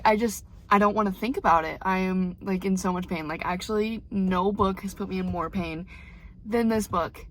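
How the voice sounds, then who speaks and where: A young woman chatting casually about books for her reading vlog, rambling and emotional, recorded in her car. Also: mid-range voice. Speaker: book vlogger.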